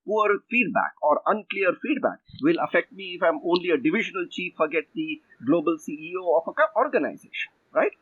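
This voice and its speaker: Here the same kind of speaker, an older Indian English–accented executive coach, gives interview answers in a lively, husky, fairly high voice that climbs and drops constantly. He talks fairly quickly with hardly a pause, stressing each point in turn and acting out quotes. The audio is dull and muffled, with a very dry room and no room sound at all.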